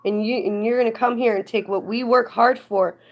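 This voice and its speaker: A woman's voice: fairly high pitch, steady tone, brisk. A woman chatting casually on a live stream, rambling and getting indignant at times. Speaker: livestreamer.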